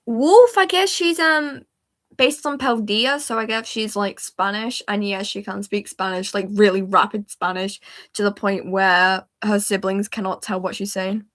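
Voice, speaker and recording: A woman's voice: mid-range voice, fairly even intonation, a little slow, a bit bright. A speaker with a woman's voice and a British accent, chatting casually on a livestream in a rambling, giggly way. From Britain. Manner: rambling, giggly, easily sidetracked. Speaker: livestream host.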